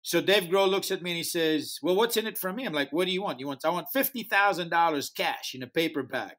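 Animated man telling festival stories. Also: fairly high pitch, brisk. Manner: animated, acts out quoted dialogue; slight non-native phrasing. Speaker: music festival founder. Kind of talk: interview storytelling.

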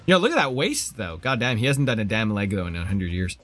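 Male streamer, casual sarcastic game commentary, animated delivery, quiet game music underneath. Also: lowish voice, brisk. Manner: joking and sarcastic.

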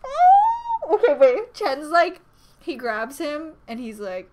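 A young woman with a very high, lively voice reacts out loud, gasping and exclaiming as she talks through what she sees. She speaks slowly between bursts, and music plays clearly behind her. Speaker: reaction video host. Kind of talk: excited reaction commentary.

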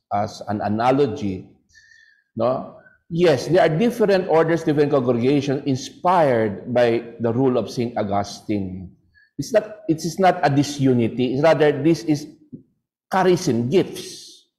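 Mellow man, halting speech. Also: medium pitch, poor audio. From Philippines. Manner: halting, restarts, filler "no?". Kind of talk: answering a question in a panel talk.

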